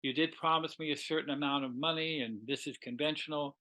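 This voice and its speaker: A man's voice: fairly high pitch, steady tone, fairly quick, pushed and bright. A man voicing a money-minded duke who talks in a casual, businesslike way, in a lecture retelling. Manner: offhand, businesslike. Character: Duke of Burgundy, mercenary nobleman, man.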